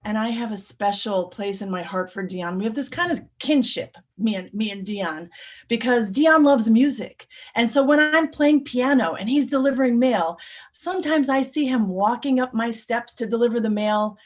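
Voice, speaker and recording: A woman telling a personal true story on stage, animated and shifting between urgent, louder stretches and hushed, quiet ones. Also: fairly high pitch, moderate pace.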